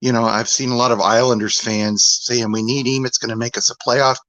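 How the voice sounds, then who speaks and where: A man joining a fan show as a call-in guest, chatting casually in a relaxed, agreeable way. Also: mid-range voice, fairly quick, dry recording. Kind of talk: casual chat.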